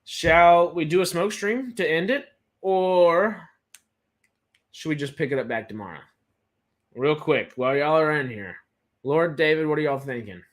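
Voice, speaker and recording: A man's voice: a little high, lively intonation, measured pace, long pauses. Rambling young man chatting. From Texas. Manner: rambling, stammering restarts, enthusiastic. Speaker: film news co-host. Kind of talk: casual live-stream chat.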